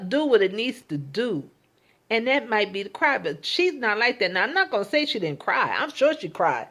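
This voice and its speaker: A woman's voice: on the high side, very animated, normal speed, a bit bright. A woman talking in a casual, reflective monologue. She is earnest and emotional, and she often repeats words and restarts her sentences. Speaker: vlogger.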